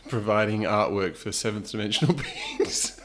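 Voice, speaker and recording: Man, casual chat, lowish voice, short interjections, in a car. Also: wildly swooping pitch, normal speed, slight background noise. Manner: brief interjections, laughs easily.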